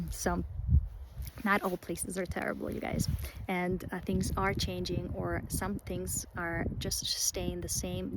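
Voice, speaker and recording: A woman's voice: lowish voice, background noise. A woman rambling casually and emotionally in a spiritual vlog, with many fillers and restarts, talking outdoors in a pine forest. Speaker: vlogger.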